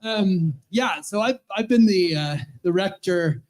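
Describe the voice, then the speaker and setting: A man's voice: high voice, a little slow, heavy background noise. A man in his fifties, an Episcopal priest, telling rambling, chuckling stories in a roast speech at a charity event. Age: 50s.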